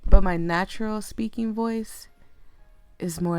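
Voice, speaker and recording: A young woman with a deep voice and a slight lisp, chatting casually and laughing as she plays a visual novel. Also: fairly even intonation, measured pace, a little mellow, clear, resonant tone, dry recording, faint music behind. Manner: chatty, laughs often, ranting. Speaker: game streamer. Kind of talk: casual let's play commentary.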